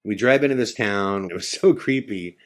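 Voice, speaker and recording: Man telling a story in a lowish voice. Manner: animated, acts out friends' lines in quick quotes. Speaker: podcast host. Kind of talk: casual storytelling.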